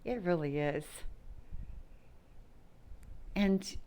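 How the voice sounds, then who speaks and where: A woman speaks to her viewers in a personal, unscripted way, her voice sitting a little low. She is blunt and emphatic, and now and then she sinks into a soft whisper. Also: unhurried, muffled recording. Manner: frank, emphatic, with whispered asides. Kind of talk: personal talk to camera.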